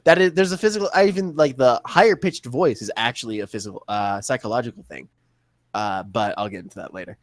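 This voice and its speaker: A man's voice: medium pitch, fast, no room sound. A young man co-hosting a podcast, talking bluntly and swearing freely in casual chat. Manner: blunt, profane, self-deprecating. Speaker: podcast co-host.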